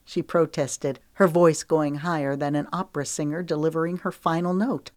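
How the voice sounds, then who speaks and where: A woman narrating an audiobook romance in a measured, even storytelling manner, recorded dry and close. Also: low voice, no echo.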